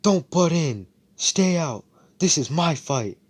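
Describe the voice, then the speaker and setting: A man doing a stubborn, shouting young mage. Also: a little high, animated, takes it slowly, slightly rough, voice pushed up, exaggerated voice. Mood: defiant. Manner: strained, insistent, rising shouts. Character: stubborn young male battle-hungry mage.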